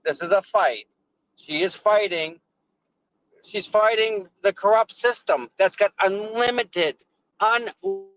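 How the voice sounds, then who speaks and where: A man's voice: high-pitched, slow pace, pauses often, a bit bright, poor audio. A man live-streaming casually from his car in traffic, rambling, repeating words and thanking viewers effusively. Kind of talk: casual live-stream chat while driving.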